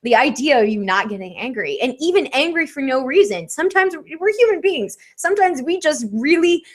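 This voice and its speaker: A woman's voice: high voice, expressive, brisk. A woman co-hosting a podcast in casual chat, speaking candidly and rambling with frequent ums. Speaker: podcast co-host.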